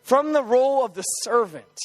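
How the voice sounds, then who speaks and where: An animated male preacher with a strikingly high voice for a man. He delivers a humorous, storytelling sermon full of energy and emphasis. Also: moderate pace.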